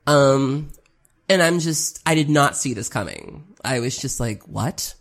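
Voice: medium pitch, very animated, measured pace. A card game player giving a casual spoken recap of a tournament, rambling with lots of "um"s, now and then swearing, and openly critical of their own mistakes. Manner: rambling, self-critical, frequent ums, occasional swearing.

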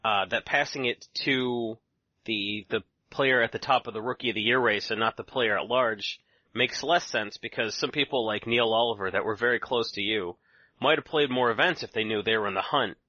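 A man hosting a podcast, setting up interview questions in a steady, news-like way. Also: medium pitch, normal speed, no echo. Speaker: podcast host. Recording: dry, dull lo-fi recording.

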